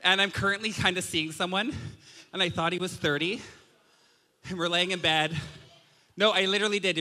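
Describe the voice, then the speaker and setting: Campy drag queen turning forty, bright and high. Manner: campy, bawdy, self-mocking, giggling. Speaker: drag performer, guest of honor at her roast. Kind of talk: live roast stage banter. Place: live comedy venue with audience. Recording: hall reverb of a live venue.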